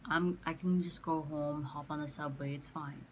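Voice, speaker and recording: Young woman, low-pitched, casual storytelling, chatty with fillers, quotes others, faint background noise. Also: fairly even intonation, normal speed, a little mellow. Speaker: vlogger.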